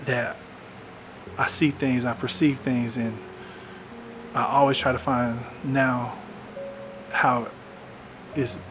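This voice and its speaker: A man's voice: mid-range voice, little pitch movement, slow pace, pauses often, background noise. A young man talking candidly in a personal video diary, reflective, often saying "man". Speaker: vlogger documenting his illness. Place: in a parked car. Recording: music playing underneath.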